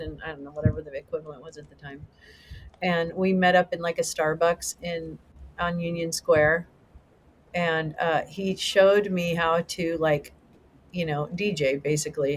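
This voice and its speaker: This is a middle-aged host chatting live with viewers, excitable and rambling, dropping swears freely. The voice sits at an ordinary, middle pitch. A faint hiss of noise runs behind it. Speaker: livestream host. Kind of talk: casual livestream chat with viewers.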